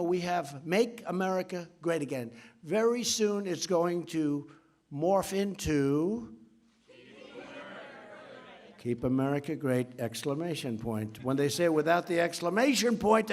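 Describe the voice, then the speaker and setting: A man giving an off-the-cuff speech at a signing event, rambling and boastful, with asides to people in the room. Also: a little high.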